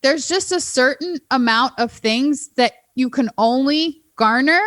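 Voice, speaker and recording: A woman from Minnesota, a dating coach talking as a podcast guest, animated and explaining with examples and quick acted-out quotes. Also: high voice, no room sound. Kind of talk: casual podcast chat.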